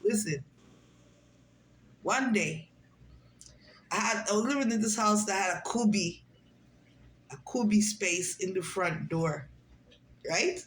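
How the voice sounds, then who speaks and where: A vlogger in her forties tells a personal story in a casual monologue, speaking slowly with frequent pauses in a mid-range voice. She animatedly acts out what others said, and the rough recording carries a little hiss or hum.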